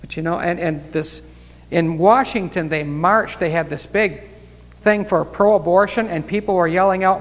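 High-voiced fervent preacher, echoing hall. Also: male voice, lo-fi sound. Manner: fervent, rising to exclamations of praise. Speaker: preacher leading a Bible study. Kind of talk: sermon and closing prayer.

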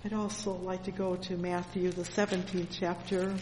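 A preacher delivering a fervent sermon, reading scripture aloud and filling the pauses with "oh yes" and "praise the Lord.". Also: mid-range voice, level tone, background noise. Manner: reads scripture verses aloud. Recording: long church-hall reverb with faint ambience.

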